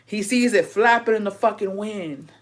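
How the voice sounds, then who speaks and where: A woman's voice: mid-range voice, moderate pace. A young woman casually recapping a show, swearing freely and acting out the characters' lines as she tells it. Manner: profane, animated storytelling with put-on quotes. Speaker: vlogger.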